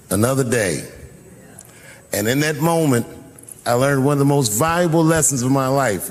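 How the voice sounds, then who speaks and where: A middle-aged man telling a profane, animated story as a stand-up comedian. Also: medium pitch, slight background noise. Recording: live venue with long reverb.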